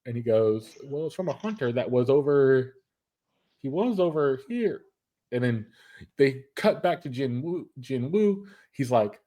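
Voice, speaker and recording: A man's voice: mid-range voice, lively intonation, moderate pace, dark tone. Guy hosting an anime show, recapping the episode, kinda rambly, keeps restarting his sentences. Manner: rambling retelling with many restarts. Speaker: podcast host.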